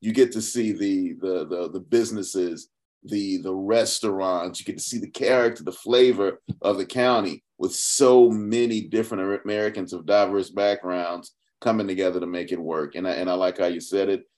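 Lowish-voiced guy hosting a podcast, thinks out loud, lots of restarts. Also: moderate pace. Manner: expressive and reflective, with many restarts. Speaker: podcast host. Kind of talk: conversational interview.

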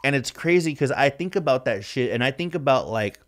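A man in the middle of a laid-back podcast conversation, his voice sitting at an ordinary everyday pitch. He rambles from one thought to the next, swears freely, and leans on "like" constantly as he tells stories. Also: lively intonation, brisk. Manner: rambling, profane, heavy use of "like". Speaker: podcast co-host. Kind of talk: casual chat.

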